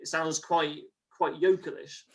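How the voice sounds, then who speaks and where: A man's voice: a little high, steady tone, measured pace, vocal fry. A man explaining history as an interview guest, patiently, with examples.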